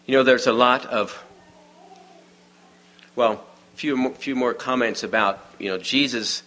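A man giving a sermon in a conversational, storytelling way, often dropping to a hush for the quiet moments. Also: medium pitch, measured pace. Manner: many restarts and fillers, informal aside. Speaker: preacher.

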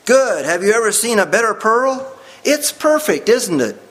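A man's voice: high-pitched, lively intonation, unhurried, a bit bright, voice pushed up, poor audio. A man reading the part of an eager male missionary, speaking with exclamations. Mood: excited.

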